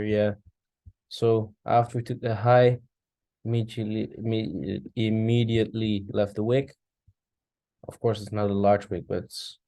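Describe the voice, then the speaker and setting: Guy going over his trading charts, lowish mellow voice, kinda rambly and yawny, dry close mic. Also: no echo. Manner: rambling, thinking aloud, yawning. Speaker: forex trader reviewing charts. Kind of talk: casual screen-share market recap.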